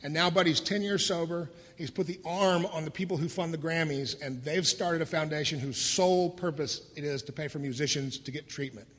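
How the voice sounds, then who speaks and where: Husky middle-aged guy, kinda high voice, dry jokes about dark stuff, big echoey hall. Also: fairly quick, few pauses. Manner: candid, wry, laughs through dark moments. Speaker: speaker sharing his recovery story. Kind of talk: personal storytelling talk. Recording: voice in a hall with long reverb.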